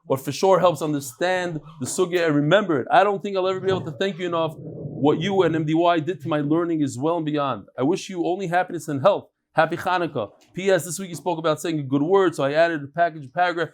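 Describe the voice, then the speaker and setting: A man's voice: a little high, slight background noise. A man, teaching a daily Talmud class, reading out emails and names in a chatty way before a live group in a study hall. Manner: warm, chatty, reads out names and letters quickly. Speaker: Daf Yomi teacher.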